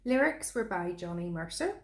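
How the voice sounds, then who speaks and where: A woman's voice: lowish voice, lively intonation, moderate pace, creaky. Chatty woman in a roomy echo. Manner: chatty storyteller, giggly. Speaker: podcast co-host. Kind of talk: casual chat.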